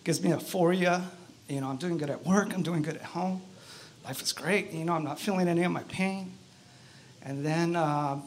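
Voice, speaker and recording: A man giving his personal testimony at an outdoor church service, speaking in an earnest, halting way with many fillers. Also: a little high, a little hiss or hum. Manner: halting, earnest, frequent "you know" fillers.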